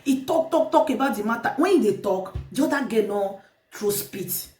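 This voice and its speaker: A woman's voice: on the high side, moderate pace. Outspoken woman with a Nigerian Pidgin accent. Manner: animated, outspoken, repeats words for emphasis. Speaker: vlogger. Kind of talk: casual storytelling monologue. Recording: roomy sound from a distant mic.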